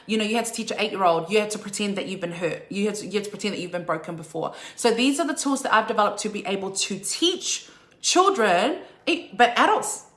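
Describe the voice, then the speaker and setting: Bright, upbeat woman teaching singing. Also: medium pitch, expressive, fast, reverberant. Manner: upbeat, checks in with "okay?" and "right?". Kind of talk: live online singing lesson.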